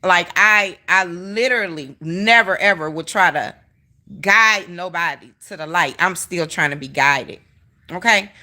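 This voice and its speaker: A woman's voice: lowish voice, measured pace, sharp tone. A woman streaming live, ranting emphatically and with a lot of profanity as she talks straight to her viewers in the chat. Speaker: livestreamer. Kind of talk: heated commentary rant to a live chat.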